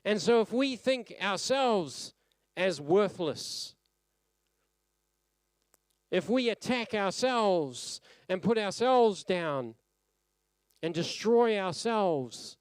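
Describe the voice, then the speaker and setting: A man delivers a church sermon in an earnest, reflective way. His voice sits a little high and sounds smooth and resonant, and his phrases sink gently at their ends. The sound is dry and close. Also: animated, very slow, long pauses, no room sound. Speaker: preacher. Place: church service.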